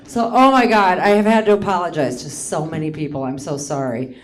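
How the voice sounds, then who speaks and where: A woman from Hawaii in her late fifties does a self-mocking stand-up set on a theater stage, often laughing at her own jokes. Her voice is deep and her pace a little fast.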